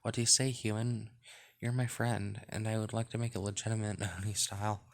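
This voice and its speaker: A man voicing a shy young female oni housemate in a soft, hesitant way, close to his own low voice. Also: flat delivery, a little fast, a little hiss or hum, close to an everyday voice. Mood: coaxing.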